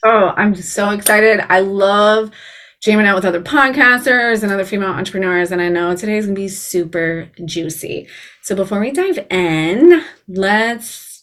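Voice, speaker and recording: A woman's voice: mid-range voice, moderate pace, fairly bright tone. An American woman in her thirties hosting a podcast, gushing and slangy in casual chat. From United States. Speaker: podcast host.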